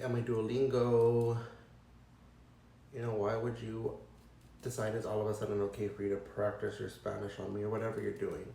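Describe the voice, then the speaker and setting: A man's voice: fairly low pitch, vocal fry, warm tone, a little hiss or hum. Young guy ranting a storytime, swears a lot, fed up, kinda echoey room. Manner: profane, exasperated, rambling with many likes. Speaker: vlogger. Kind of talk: casual storytime rant.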